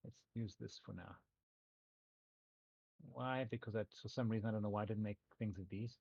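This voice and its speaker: A man narrating as game master of a tabletop game, easygoing and halting. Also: lowish voice, steady tone, vocal fry, darkish tone, slightly rough, no room sound. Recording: dull lo-fi mic.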